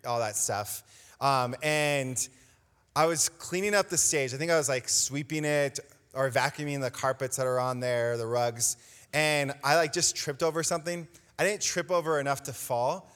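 A man's voice: a little high, normal speed, fairly bright tone, in a large hall. A man giving a casual devotional talk as a youth pastor, who keeps checking in with "right?". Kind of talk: devotional talk with a personal story.

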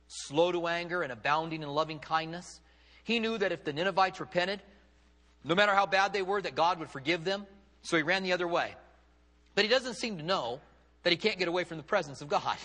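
A pastor preaches a sermon in a high, bright, ringing voice, expressive and brisk, acting out the lines he quotes with sweeping, dramatic rises and drops. His words fade into the long reverb of a church sanctuary.

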